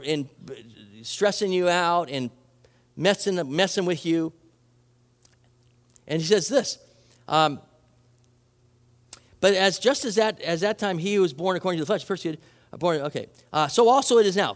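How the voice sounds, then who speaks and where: A man preaching a sermon as a pastor, animated and conversational, acting out quoted voices and restarting his phrases. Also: high voice, big-room sound.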